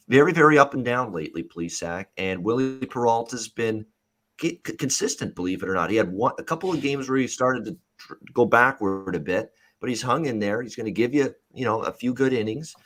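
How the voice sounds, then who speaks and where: A man with a fairly low voice hosts a live sports betting show. He talks loosely and rambles, with lots of "uh" fillers, and he reads viewer comments aloud. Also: fairly bright tone. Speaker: host.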